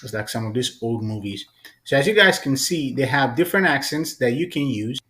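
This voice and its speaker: A man hosting a casual, chatty software tutorial. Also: medium pitch, animated, fairly quick. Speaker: tutorial host.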